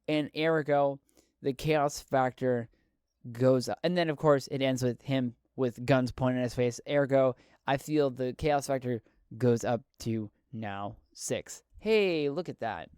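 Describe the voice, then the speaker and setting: A man's voice: medium pitch, a little slow, darkish tone, clean tone, no echo, studio quality. A man narrating and running a solo tabletop game in a casual, rambling way, often restarting his sentences.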